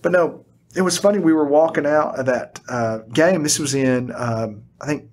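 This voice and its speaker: A man's voice: on the high side, normal speed. A middle-aged man, a teacher and podcast guest, telling stories in casual chat and acting out what people said. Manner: animated storyteller, acts out quotes.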